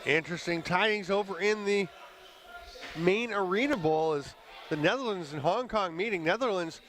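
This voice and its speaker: Bright-voiced male sports commentator. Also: sits high. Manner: brisk, conversational play-calling with chuckles. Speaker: play-by-play commentator.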